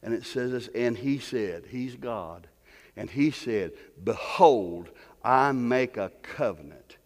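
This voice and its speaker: A man preaching a sermon, impassioned, building to near-shouting peaks, with many repeated words. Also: mid-range voice, lively intonation, slow. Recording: long hall reverb.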